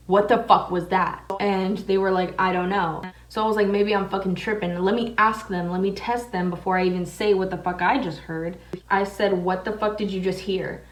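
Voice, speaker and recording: A woman's voice: mid-range voice, far from the mic. Young woman vlogger, loose chatty swearing, a bit off-mic in a roomy space. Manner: casual, heavy swearing, many fillers. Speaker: makeup vlogger. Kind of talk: casual storytelling while doing makeup. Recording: echoey room, voice away from mic.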